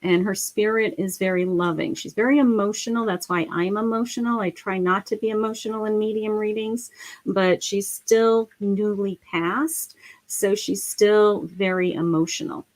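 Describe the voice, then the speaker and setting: A middle-aged woman giving a live psychic reading, speaking gently and emotionally with many pauses and fillers. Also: medium pitch, steady tone. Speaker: psychic medium.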